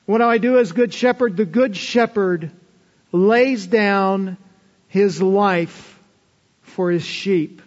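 High-voiced slow preacher in a reverberant hall. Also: male voice. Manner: swings between loud emphatic declaration and hushed tender asides. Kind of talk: sermon. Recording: dull live sermon recording with long hall reverb.

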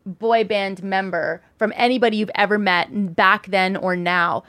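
A woman's voice: mid-range voice, steady tone, measured pace, fairly bright tone. A woman with a mid-range voice who is hosting a casual interview. She keeps things moving with short reactions and eager follow-up questions.

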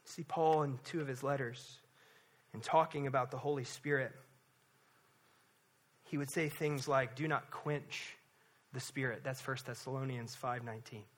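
A man pastor delivering a sermon at a church service, impassioned, swinging between hushed and loud emphasis and repeating words for weight. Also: mid-range voice, fairly even intonation, moderate pace, long pauses.

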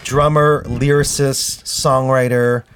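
A man with an ordinary middle pitch co-hosts a casual podcast chat. He talks in a halting, earnest way, with small restarts. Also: little pitch movement, a little hiss or hum. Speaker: podcast co-host.

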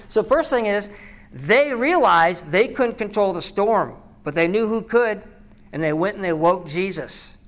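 A woman podcast host giving an earnest devotional talk, preaching with repeated phrases. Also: mid-range voice.

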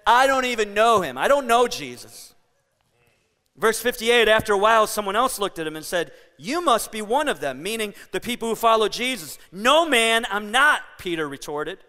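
High, bright-voiced male pastor preaching. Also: in a large hall. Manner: playful, joking with the congregation. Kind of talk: sermon. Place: church hall.

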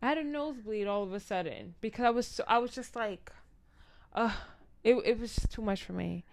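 A woman's voice: on the high side, a little fast, dry recording. A woman casually telling a personal story, acting out what people said along the way. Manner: candid, animated retelling with quoted dialogue.

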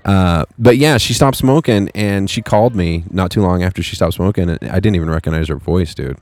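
A man's voice: deep voice, a little fast, a little mellow, dry recording. A man in his thirties co-hosting a podcast, chatting loosely and cussing freely. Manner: loose, profane, rambling. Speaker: podcast co-host. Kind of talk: casual chat. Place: local market at an art college.

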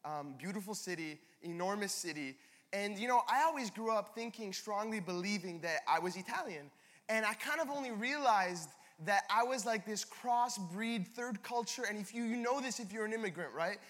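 A man's voice: high-pitched, normal speed, fairly bright tone. A young man from Canada preaching a sermon as a pastor, telling stories in a chatty, self-deprecating way. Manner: conversational storytelling with self-deprecating asides. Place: large church hall. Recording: long hall reverb.

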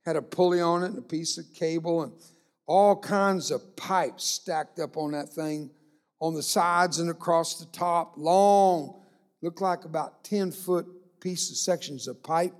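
Animated preacher telling a story. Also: male voice, fairly high pitch, measured pace. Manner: animated, humorous anecdote with acted-out dialogue. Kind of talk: sermon storytelling.

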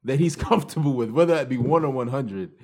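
A man's voice: medium pitch, quick pace. A young man co-hosting a podcast in casual chat, loose and joking, often laughing. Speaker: podcast co-host.

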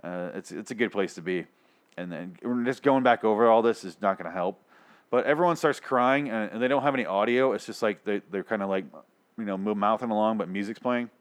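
A man's voice: fairly low pitch, fairly quick. Exasperated, foul-mouthed man ranting. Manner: heavy swearing, exasperated and sarcastic. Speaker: show host reviewing a TV episode. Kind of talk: ranting episode review.

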